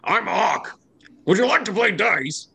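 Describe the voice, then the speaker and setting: A man's voice: high-pitched, expressive, measured pace, creaky, bright, forceful tone, husky, voice pushed up, heavily acted. A man voicing a huge, clumsy, friendly male stranger who stammers eagerly. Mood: cheerful. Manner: stammering and eager, keeps asking to play dice.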